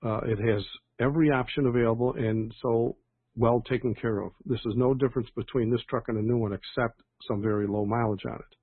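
Older male pastor, husky and gravelly, rambling chat over a dry phone line. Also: mid-range voice, fairly even intonation, fairly quick, no room sound. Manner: rambling, chatty, with many fillers and restarts. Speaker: pastor leading an online prayer call. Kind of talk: casual reading and comment on praise reports.

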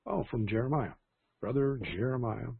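A man's voice: mid-range voice, normal speed, gravelly, slightly rough, dry recording. A man hosting a church livestream in a casual, rambling way, often restarting his sentences. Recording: tinny phone-like sound.

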